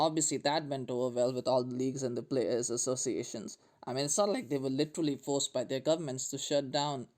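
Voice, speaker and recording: A man's voice: mid-range voice, a little mellow. Sarcastic man hosting a comedy podcast. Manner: sarcastic and jokey. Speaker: podcast host.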